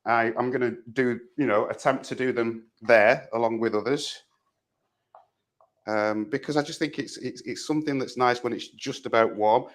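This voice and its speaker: A man explains his dish during a live cooking segment, speaking in a chatty, halting way full of repeated words and fillers. His voice sits at an ordinary middle pitch. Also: steady tone. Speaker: cooking demonstrator. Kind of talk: live cooking demo chat.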